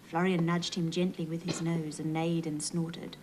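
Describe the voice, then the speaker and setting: An Australian woman hosting a children's TV show, reading a storybook aloud and talking gently to young viewers in a sing-song way. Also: deep voice, little pitch movement, moderate pace, slight background noise, poor audio. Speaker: children's TV host.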